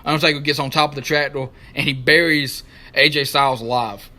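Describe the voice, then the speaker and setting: A man, co-hosting a wrestling talk show, who recaps matches in an excited, rambling casual way and stops to search for names. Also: mid-range voice, fairly quick.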